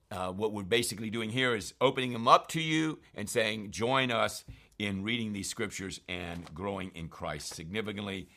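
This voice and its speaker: A man explaining scripture passages in a loose, unscripted way. His voice sits low and comes out bright and forceful. He stresses key words and stumbles over himself now and then. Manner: earnest, emphatic, with frequent fillers and restarts. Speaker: Bible teacher. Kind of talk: informal scripture commentary.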